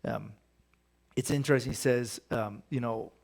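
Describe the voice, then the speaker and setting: A man's voice: medium pitch, steady tone, normal speed, vocal fry, a little mellow. A man, a pastor, teaching a Bible study in a casual, conversational way, often asking his listeners rhetorical questions.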